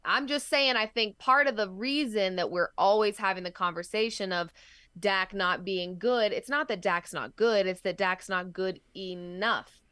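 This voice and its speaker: A woman's voice: mid-range voice, moderate pace, bright, forceful tone, no room sound. A woman guest co-hosting a sports show, giving blunt, firm opinions in casual debate. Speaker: guest co-host.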